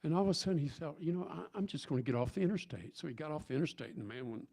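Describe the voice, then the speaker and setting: A man's voice: on the high side, expressive, rapid-fire, vocal fry, mellow. Folksy man telling a church story. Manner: folksy storytelling with many restarts and fillers. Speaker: speaker at church service. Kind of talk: storytelling sermon. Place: church sanctuary.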